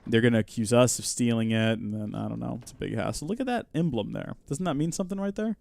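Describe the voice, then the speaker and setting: A man hosting a live game stream, chatting, joking and reacting out loud as he plays. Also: mid-range voice, animated, quick pace, creaky. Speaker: host.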